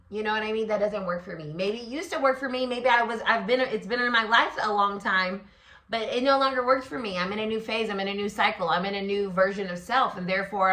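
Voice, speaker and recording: A woman gives a solo tarot reading in a bright, forward voice. She talks freely with plenty of fillers and slips into acted-out inner voices. The recording carries a noticeable echo from the room. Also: medium pitch, fairly quick. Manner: expressive, many fillers, acts out inner voices. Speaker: tarot reader and astrology host.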